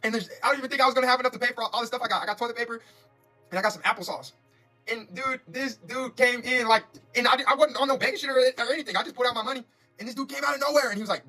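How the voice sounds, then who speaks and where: A man doing a live-streamed tarot reading, talking in quick, repetitive, emphatic bursts with preacher-like spiritual affirmations. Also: high voice, faint music behind. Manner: fast, repetitive, emphatic and excitable. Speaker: tarot reader.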